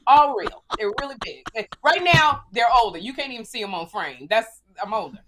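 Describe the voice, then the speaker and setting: A woman co-hosting a podcast, telling a comedy story in casual chat, self-mocking and prone to tangents and quick asides. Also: fairly high pitch, animated, heavy background noise. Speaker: podcast co-host.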